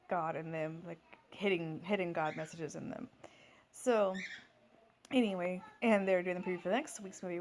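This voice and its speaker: A woman's voice: fairly low pitch, a little mellow, slight background noise. A woman in her thirties telling a long everyday story in a casual vlog at home, rambling with many fillers and restarts. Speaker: vlogger.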